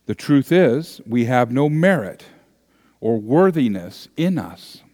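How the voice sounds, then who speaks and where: A male pastor preaching a sermon in an earnest manner, building to animated emphasis. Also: medium pitch, takes it slowly. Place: large church sanctuary. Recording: long church reverb.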